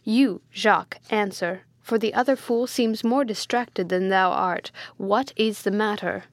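A woman voicing an imperious, quick-tempered prince in a storybook reading, with stern and commanding delivery. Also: mid-range voice, no echo, lightly acted. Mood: impatient. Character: imperious hot-tempered male prince, middle-aged tyrant.

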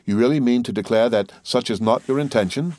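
A man's voice: mid-range voice, a little mellow, no echo, voice pushed up, natural voice. A man reading as a methodical old-world notary. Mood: questioning. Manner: measured, questioning. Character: formal male notary, methodical and patient.

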